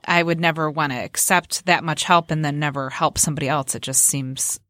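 Woman host, lowish voice, agreeable and reflective, dry close sound. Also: fairly even intonation, a little fast, a bit bright, no room sound. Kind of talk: casual chat.

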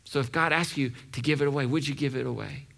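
A man preaching a sermon as pastor, animated and acting out the voices he quotes. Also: mid-range voice, fast talker, creaky.

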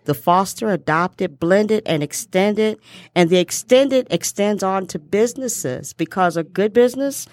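A woman's voice: mid-range voice, a little mellow. A middle-aged American woman hosting a podcast, chatting in an upbeat, emphatic way. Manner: upbeat, emphatic, drawn-out listing. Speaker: podcast host. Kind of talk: casual podcast conversation.

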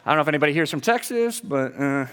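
A high-pitched man preaches in an echoing sanctuary, his words trailing off into a long reverb. He is a middle-aged pastor who pushes his points hard, asks the congregation direct questions and slips in dry jokes. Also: expressive, fast talker, a bit bright, clear, resonant tone. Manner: emphatic preaching with humor, rhetorical questions to the congregation. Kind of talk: sermon. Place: church sanctuary.

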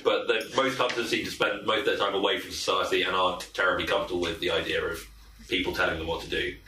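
Low-voiced male game master, echoey room. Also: flat delivery, pushed and bright. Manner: halting, with frequent ums. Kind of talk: narrating a tabletop game. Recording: echoey room, far from mic, faint noise.

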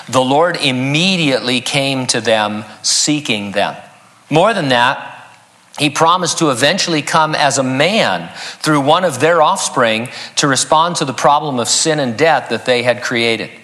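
A man's voice: mid-range voice, bright, forceful tone. A man preaching an expository sermon as a pastor, earnest and teaching, reading scripture aloud.

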